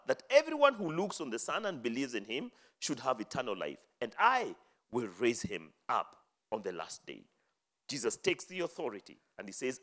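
Man preaching with big swings in pitch. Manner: dramatic swings from loud high emphasis to low hushed endings. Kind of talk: sermon reading and expounding scripture.

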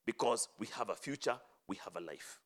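A man preaching a sermon, reading scripture aloud and explaining it, rising to loud emphatic phrases and dropping to low, quiet endings. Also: lively intonation, normal speed. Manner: dramatic swings from loud high emphasis to low hushed endings.

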